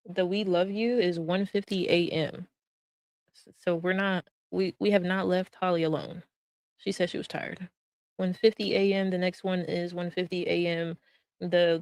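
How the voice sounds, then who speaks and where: A woman, casually commenting on screenshots with animated, swearing, laughing retellings. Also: lowish voice, normal speed, clear, resonant tone, dry recording. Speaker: stream co-host.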